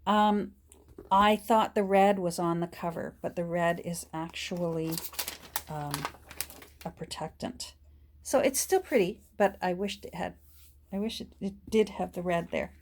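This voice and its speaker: Chatty low-voiced woman vlogger. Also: measured pace, slight background noise. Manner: chatty, restarts sentences, soft asides; drops to a whisper while showing pages. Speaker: vlogger showing a book haul. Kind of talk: casual chat while working. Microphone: phone.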